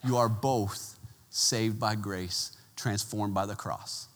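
A man's voice: lowish voice, slow pace, in a large hall. A man preaching a sermon in a conversational way, telling stories with casual asides. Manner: conversational, animated storytelling with asides. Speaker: pastor.

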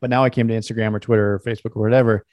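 A man's voice: fairly low pitch, level tone, rapid-fire, a little mellow, no echo. A man hosting a podcast interview, talking casually and enthusiastically, often laughing. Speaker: podcast host. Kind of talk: conversational interview.

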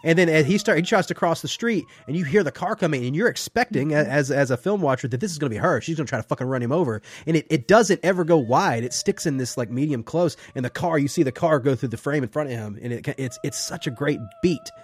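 A man's voice: fairly high pitch, very animated, fast, few pauses, breathy edge. A man co-hosting a casual film podcast, gushing with enthusiasm and swearing freely. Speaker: podcast co-host.

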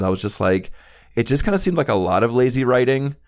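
Reviewing a TV show on a relaxed podcast, this male co-host talks quickly with an expressive, mid-range voice. He's easygoing and slangy, constantly dropping "dude" and "like" as fillers.

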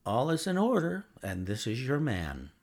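A man voicing Sherlock Holmes, a brisk, ironic, triumphant detective, in a crisp, amused manner. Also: medium pitch, wildly swooping pitch, pitched above the performer's own voice.

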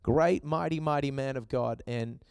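A man's voice: mid-range voice, a little slow, gravelly, darkish tone, clean tone, no echo. A man preaching a sermon to a church congregation, with passionate delivery that swells and drops. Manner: passionate preaching, voice rising and falling. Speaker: pastor.

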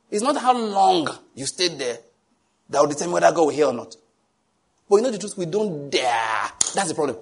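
A man's voice: high-pitched, gravelly, breathy edge. A man preaching a sermon emphatically and asking the congregation questions. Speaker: pastor.

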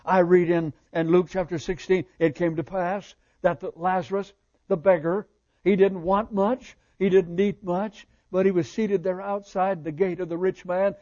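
An older man preaches with fervent, repeated emphasis, his voice high for a man yet dark and mellow. He swings from loud declarations to hushed lines. The recording sounds a little dull and muffled. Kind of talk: sermon.

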